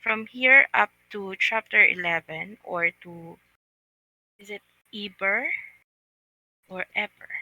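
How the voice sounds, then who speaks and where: Slow bright woman reading aloud. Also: medium pitch, no echo, highs cut off. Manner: halting, careful reading with pauses. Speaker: book club reader. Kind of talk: reading aloud in an online book club. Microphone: online voice call.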